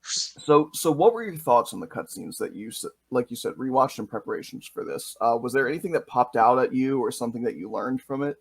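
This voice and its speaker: A man's voice: mid-range voice, expressive, fairly quick, vocal fry, breathy edge, no echo. A man hosting a podcast interview, telling stories with enthusiasm and animation. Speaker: podcast host. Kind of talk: casual interview talk.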